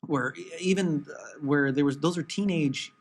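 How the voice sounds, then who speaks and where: A man co-hosting a podcast in casual chat, talking haltingly with many fillers and restarts. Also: on the high side. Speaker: podcast co-host.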